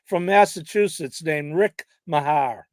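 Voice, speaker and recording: A man in casual podcast chat, weighing his race picks with hesitant pauses and restarts. His voice sits a little high for a man and is recorded dry and close. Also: dry recording. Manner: hesitant, lots of fillers and restarts. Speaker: podcast co-host handicapping horse races.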